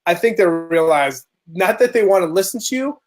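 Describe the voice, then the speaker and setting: Upbeat high-voiced man reading comments. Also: expressive, normal speed. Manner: upbeat, reads out viewer comments. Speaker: podcast co-host. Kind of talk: casual chat.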